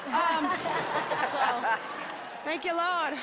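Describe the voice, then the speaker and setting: A woman's voice: high voice, drawn-out words. A woman in her thirties from Texas, doing a brash, flirty stand-up comedy audition on a talent show stage. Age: 30s. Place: theater stage before a live audience. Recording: loud crowd and noise on a stage.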